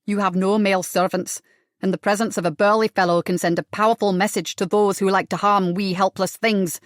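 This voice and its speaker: A woman voicing a protective widowed builder, speaking gruffly and firmly in a lowered voice. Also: flat delivery, fairly quick, dry recording, studio quality, natural voice. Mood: insistent.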